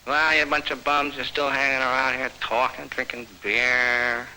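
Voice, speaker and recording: A man voicing a tired middle-aged railroad worker, the bossy head of the house, with a weary, scolding, drawn-out way of talking. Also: medium pitch, flat delivery, bright, forceful tone, slight background noise, pitched above the performer's own voice, low-quality recording.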